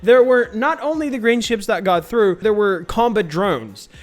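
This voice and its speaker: A man's voice: high voice, animated, normal speed. A young Ukrainian man whose first language is Russian, casually reacting to memes, chatty, laughing often and swearing freely. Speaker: meme reviewer.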